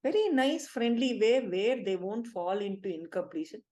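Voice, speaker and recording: A middle-aged woman with an Indian English accent, leading a spiritual teaching talk with lively, emphatic storytelling. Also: medium pitch, moderate pace. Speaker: spiritual healing group leader.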